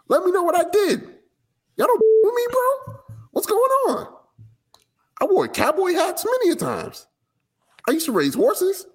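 A shrill, furious pop star rants in disbelief. He yells indignantly with a voice pushed far above normal and swinging wildly. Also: full character voice. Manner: yelling, indignant, incredulous.

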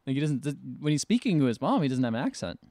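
A man co-hosting a casual podcast, recapping a film in a relaxed, rambling way with swearing. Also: a little high, racing, no room sound. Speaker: podcast co-host. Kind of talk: casual chat.

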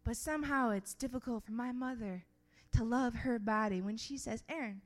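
A woman performing a slam poem live at a poetry show, in a rhythmic spoken-word delivery that swings from loud to hushed. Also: a little high, moderate pace. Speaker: featured poet.

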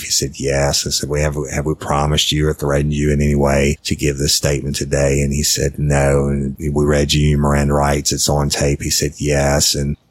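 A middle-aged man, a former detective bluntly telling a case story with profanity and acting out the dialogue. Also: very deep voice. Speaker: retired detective recounting a case. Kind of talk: casual storytelling.

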